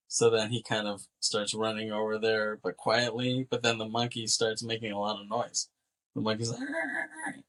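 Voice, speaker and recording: A man's voice: on the low side, bright, forceful tone. A man co-hosting a podcast, casually retelling a film's plot and acting out the characters' lines with laughs and swearing. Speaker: podcast co-host. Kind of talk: casual movie recap chat.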